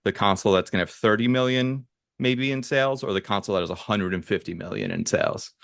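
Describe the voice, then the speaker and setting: Low-voiced young man chatting, dry sound. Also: big pitch swings, quick pace, gravelly, fairly bright tone, dry recording. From United States. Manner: rambling, filler-heavy storytelling. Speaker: podcast co-host. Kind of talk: casual chat.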